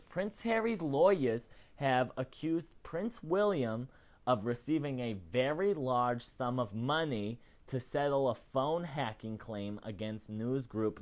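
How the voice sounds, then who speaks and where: A man hosting a casual celebrity news show, chatty and animated, often tagging his lines with "okay?". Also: fairly high pitch. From not British. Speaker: host.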